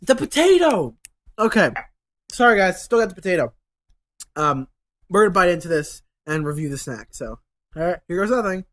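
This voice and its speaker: A man's voice: sits high, animated, a little fast, long pauses, a bit bright, dry recording. A man hosting his channel in a casual rambling monologue, sarcastic and swearing, with lots of fillers. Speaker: channel host.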